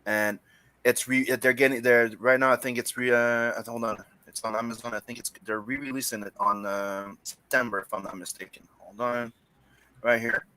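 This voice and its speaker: A man from French Canada co-hosting a podcast, talking in animated, casual banter that swears often and stumbles over restarts. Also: medium pitch, moderate pace, dry recording. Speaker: podcast co-host.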